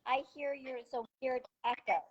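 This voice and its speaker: A woman's voice: high-pitched, fairly even intonation, moderate pace, highs cut off. A woman author joining a live video interview as a guest, talking casually with self-deprecating humor. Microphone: video call.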